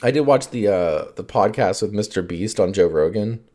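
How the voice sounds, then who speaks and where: A man's voice: lowish voice, expressive, moderate pace, mellow. A man hosting his own podcast, rambling in casual chat, full of fillers and swearing and laughing often.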